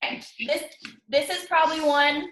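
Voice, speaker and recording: A woman with a somewhat high voice chats on a video call. She is enthusiastic and full of fillers. She is panting and out of breath as she talks. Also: steady tone, moderate pace, a bit bright, slight background noise. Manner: enthusiastic, chatty, many fillers like "um" and "like". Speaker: fitness coach sharing on a team call. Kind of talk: casual video call chat.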